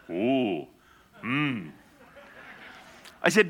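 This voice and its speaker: A male pastor preaching a sermon through animated stories, acting out the people he quotes. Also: mid-range voice, slow pace, pauses often. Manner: animated storyteller, acts out quotes. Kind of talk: storytelling sermon.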